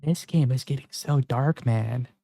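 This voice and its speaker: A man streaming a story game, reading its narration and dialogue aloud at an unhurried pace and breaking off for casual comments. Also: medium pitch, gravelly, warm tone, no room sound.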